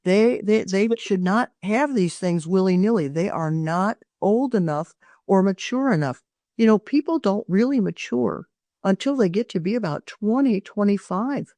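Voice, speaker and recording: A woman's voice: medium pitch, lively intonation, normal speed, dark tone, no echo. Earnest older woman giving parenting advice. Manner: earnest, emphatic advice-giving with frequent restarts. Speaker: parenting expert guest. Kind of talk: podcast interview.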